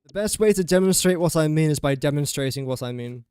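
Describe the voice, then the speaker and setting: Young lad, gaming streamer, chatty running commentary, bit higher voice, dry close mic. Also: male voice, expressive, fast, a little mellow, clean tone, no room sound. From England. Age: young adult. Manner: chatty, talks himself through each build step. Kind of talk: casual live gameplay commentary.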